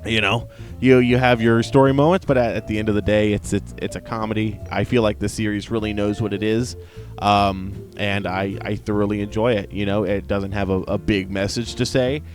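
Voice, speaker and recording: A man with a lowish voice rambles through a casual anime review, full of fillers, restarts and tag questions. He laughs often and perks up when something amuses him. Soft plucked guitar music plays faintly underneath. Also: steady tone, moderate pace. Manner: rambling, many restarts and fillers, frequent "right?".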